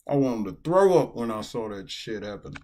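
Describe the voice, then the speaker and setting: This poker streamer's voice is medium in pitch and dark in tone, swinging widely up and down at a moderate pace. Sitting indoors at his computer, he talks casually as he plays, venting and cursing a lot.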